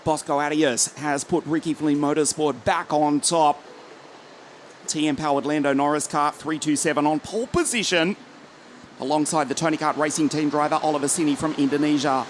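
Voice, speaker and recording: A man's voice: a little high, moderate pace, slight background noise. A man commentating live on a karting race from the commentary box, reeling off drivers and teams and joking with his co-commentator. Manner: lively, joking banter between race calls.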